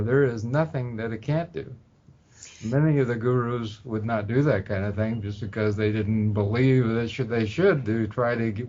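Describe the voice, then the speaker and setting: A man, a spiritual teacher, speaking as a guest in an interview, unhurried and full of ums and uhs. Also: medium pitch. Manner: unhurried, many ums and uhs, soft laughs. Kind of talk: relaxed interview talk. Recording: dull lo-fi audio.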